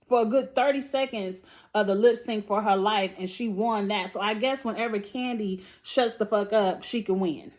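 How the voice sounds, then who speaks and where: A woman's voice: fairly high pitch, moderate pace. Blunt, foul-mouthed woman ranting. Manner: blunt, profane, exasperated ranting; sighs and laughs between points. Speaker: TV show reviewer. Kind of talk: reality show recap commentary.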